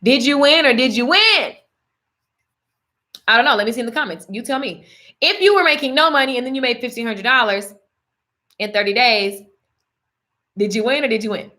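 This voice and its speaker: A woman business coach talking straight to her viewers, chatty and animated. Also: a little high, quick pace, long pauses. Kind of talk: livestream coaching pitch.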